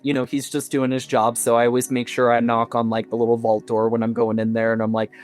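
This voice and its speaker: A man's voice: medium pitch, completely flat delivery, fast talker. A man who guides tours of an old house, telling ghost stories in a chatty way with many fillers and restarts. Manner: chatty, full of fillers and self-corrections. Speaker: mansion tour guide and resident. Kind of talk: casual storytelling interview. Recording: soft music underneath.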